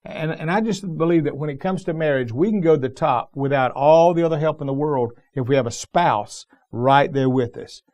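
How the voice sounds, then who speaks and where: Middle-aged pastor, man, folksy sermon storyteller, voice sits a bit high, emphatic and plain-spoken. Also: a little fast, few pauses, a little mellow.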